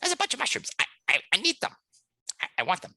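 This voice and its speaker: A man voicing a tiny, manic male white mouse spirit, frantic and energetic. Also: sits high, quick pace, creaky, husky, voice pushed up, heavily acted. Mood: eager.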